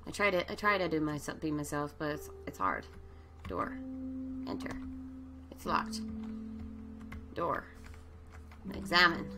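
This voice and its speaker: A woman commenting on a horror game as she plays, excitable and jumpy, swearing and shrieking at scares and reading the game's text aloud. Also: sits low, measured pace, long pauses, music in the background. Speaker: let's play gamer. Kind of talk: let's play commentary.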